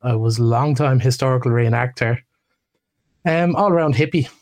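A man's voice: medium pitch, normal speed, a little mellow. A man, a podcast guest, talking loosely with many fillers. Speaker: guest, massage therapist. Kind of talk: casual interview.

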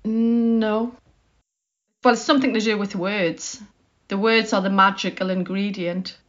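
A woman's voice: medium pitch, steady tone, unhurried. A chatty woman author being interviewed, who talks about her work in a loose, self-deprecating way. Her voice sits in a middle register. The recording sounds dull and lo-fi. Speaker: short story writer as podcast guest. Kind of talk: conversational interview.

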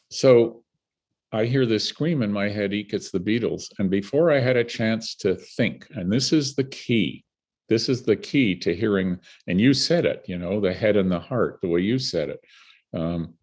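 With a lowish voice and measured pace, an older Canadian guest recounts vivid anecdotes in conversation. He's animated and laughs between stories.

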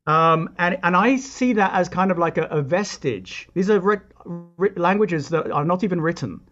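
A man's voice: sits high, lively intonation, moderate pace, a bit bright, soft background music. A man speaking as a composer and guest on a podcast, explaining at length in a thoughtful, reflective way and often restarting his sentences. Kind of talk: explanatory interview talk. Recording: dull lo-fi recording.

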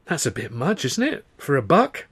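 An eager, curious young man, as a male storyteller puts him on, a little higher and brighter than the reader's own husky voice. He fires off quick, keen questions in an audiobook scene. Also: wildly swooping pitch, full character voice.

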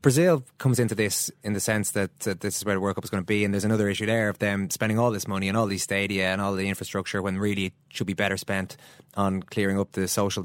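Host dude, rattles off questions quick, dry studio sound. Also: male voice, lowish voice, no echo. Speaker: podcast host. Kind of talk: casual chat.

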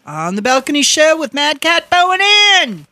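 A woman with a Wisconsin accent co-hosts a music show in easy banter. She laughs often, and her voice has a bright, forceful edge. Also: sits high, sing-song, moderate pace, no echo. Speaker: co-host. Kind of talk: casual radio show chat.

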